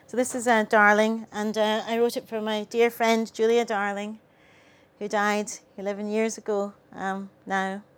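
A woman's voice: medium pitch, flat delivery, measured pace. A woman poet giving a live poetry reading, with chatty asides between poems.

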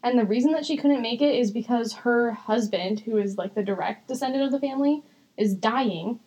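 Giggly young woman with a husky voice. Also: a little high, fairly quick, warm tone, rough recording. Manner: giggly, rambling, swears casually. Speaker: podcast co-host. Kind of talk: casual chat.

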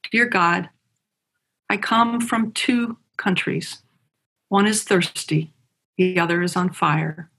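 Slow gravelly woman reading poetry. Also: fairly low pitch, fairly even intonation, fairly bright tone. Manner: slow, measured, with pauses. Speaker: guest reading a poem.

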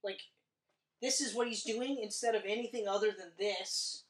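A woman tears into a film's choices in loose, profane talk, keeping up a steady stream of opinions. Her voice sits at an ordinary middle pitch. It carries a roomy echo, picked up from some distance away from the mic. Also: normal speed. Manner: blunt, sweary, animated critique. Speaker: podcast co-host. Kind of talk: casual movie review chat.

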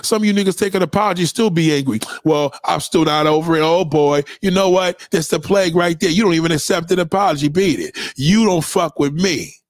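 A man's voice: high-pitched, expressive, brisk, hardly any pauses, dry recording, studio quality. A man delivering a heated, profane, confrontational rant straight to his audience, with repeated callouts.

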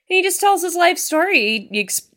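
A woman's voice: extremely high pitch, big pitch swings, unhurried, a bit bright. A woman co-hosting a podcast, chatting casually and emphatically about a movie, cursing freely. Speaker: podcast co-host. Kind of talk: casual movie review chat.

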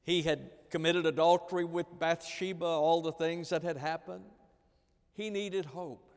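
Preacher guy, slightly high voice, earnest and repetitive, goes loud then hushed, long hall echo. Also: fairly even intonation, a little slow, clear, resonant tone. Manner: earnest, repetitive preaching with big swings in loudness. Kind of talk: sermon. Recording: long reverb of a large hall.

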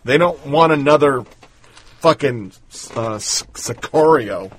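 A man's voice: mid-range voice, animated, takes it slowly, breathy edge. A young man giving a profane, mocking commentary rant, reading articles aloud with indignant outbursts. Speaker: commentary host.

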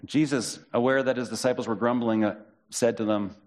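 A man preaching a sermon as pastor, in a conversational way, reading and paraphrasing scripture with lively quoted voices. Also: mid-range voice, fairly quick.

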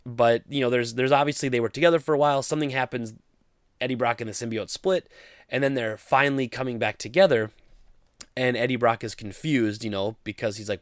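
A man's voice: mid-range voice, steady tone, brisk, no echo, studio quality. A man giving a casual, opinionated movie review, sounding exasperated as he critiques the film.

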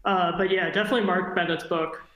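A woman guest chatting casually on a podcast, quick and wry, with plenty of fillers. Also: fairly low pitch, fairly even intonation, a bit bright. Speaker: guest writer. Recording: roomy echo.

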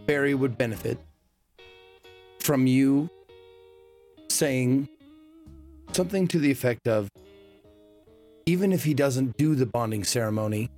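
A man's voice: medium pitch, darkish tone. A man playing a tabletop role-playing game in character, polite and formal, addressing others as sir. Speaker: tabletop player.

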